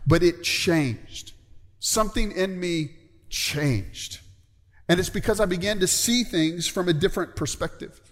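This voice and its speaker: Middle-aged male pastor, chatty sermon delivery that asks for amens, a touch high-pitched, recorded in an echoing sanctuary. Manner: conversational, calls out for amens. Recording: long hall reverb.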